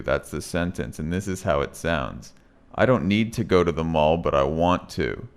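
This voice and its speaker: Deep-voiced American man teaching pronunciation. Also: clear, resonant tone. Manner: deliberate, repeats example sentences slowly. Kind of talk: online video lesson.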